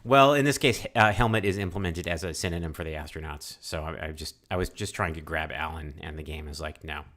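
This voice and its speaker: A man with a very low voice talks his way through a text adventure. He reads the game text aloud and thinks out loud in a chatty way, with lots of fillers and restarts. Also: fairly quick. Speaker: let's-play host. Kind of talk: casual game playthrough, reading text aloud.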